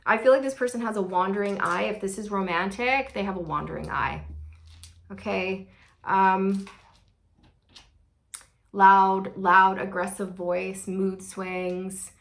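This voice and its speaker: A woman's voice: medium pitch, steady tone, slow pace, vocal fry, pauses often, fairly bright tone. A woman giving a casual tarot reading, chatty and sassy, with playful laughing asides. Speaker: tarot reader.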